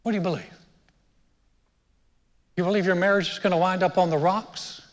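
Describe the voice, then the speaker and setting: A hoarse man preaching a conversational sermon as pastor, joking and talking straight to his congregation in a church. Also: sits high, steady tone, fairly quick. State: hoarse, sounds sick. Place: church sanctuary. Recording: long hall reverb.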